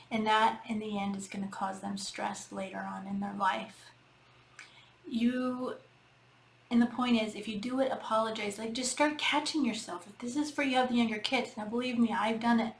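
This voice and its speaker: A woman's voice: medium pitch, vocal fry. A middle-aged woman, a healing coach, giving casual spoken advice in an earnest, repetitive way, talking straight to her listeners. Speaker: healing coach and podcast host. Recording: echoey room with faint background noise.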